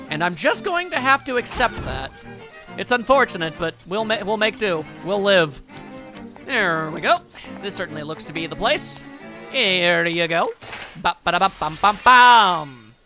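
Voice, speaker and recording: A man's voice: sits high, sharp tone. A man giving sarcastic, joking let's play commentary as host of his gaming channel.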